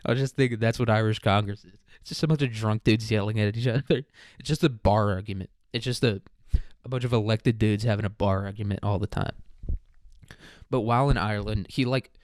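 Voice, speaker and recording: A man's voice: on the low side, dry recording, clean studio sound. A man hosting a casual history podcast alone, rambling with crude, self-mocking jokes. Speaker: podcast host.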